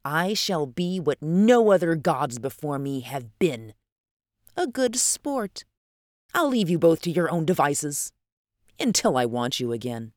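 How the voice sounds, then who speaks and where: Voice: medium pitch, very animated, slow, no room sound, studio quality. A reader voicing Adam, a mocking superhuman man. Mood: haughty. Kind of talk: audiobook character reading.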